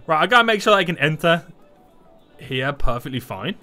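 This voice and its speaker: Excitable gaming streamer, lively pitch. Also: male voice, moderate pace, soft background music. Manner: excitable and playful, hums and exclaims. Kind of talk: live gameplay commentary chatting with viewers.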